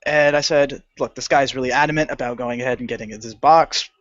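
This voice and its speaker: A young man telling a story on a podcast, animated and swearing, acting out the people in it. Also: mid-range voice, brisk, no echo, dull audio. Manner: animated, swearing, acts out customer voices. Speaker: podcast co-host. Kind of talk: casual storytelling rant.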